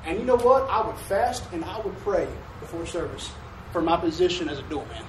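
A man's voice: on the high side, fairly quick, background noise. A man preaching a folksy sermon with call-and-response, recorded in a church sanctuary from a distant mic. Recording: echoey room from a distant mic.

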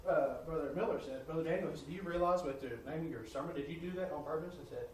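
A man preaching a testimony sermon in a church, telling his story in an animated way and laughing along the way. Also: a little high, very fast, a little hiss or hum. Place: church sanctuary. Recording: roomy church audio from a distance.

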